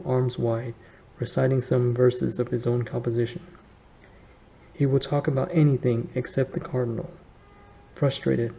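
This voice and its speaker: Male audiobook-style reader, gravelly, flat and measured delivery. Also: medium pitch, rough recording. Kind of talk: reading a novel aloud.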